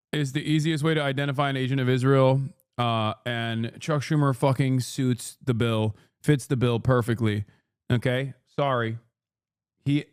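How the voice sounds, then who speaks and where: A man's voice: mid-range voice, clean tone, dry recording, studio quality. A man hosting a live stream, reacting to clips with exasperated, profane ranting. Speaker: streamer host.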